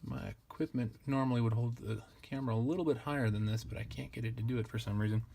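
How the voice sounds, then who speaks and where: A man teaching an unscripted grammar lesson, thinking aloud and correcting himself in a relaxed way. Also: medium pitch, fast talker, vocal fry. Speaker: language teacher. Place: indoors at a desk with a camera.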